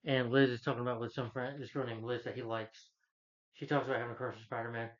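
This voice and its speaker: A man's voice: little pitch movement, fast talker, muffled recording. Rambling man recapping a movie plot. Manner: loose, filler-heavy retelling that jumps up in pitch for quoted characters. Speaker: movie reviewer.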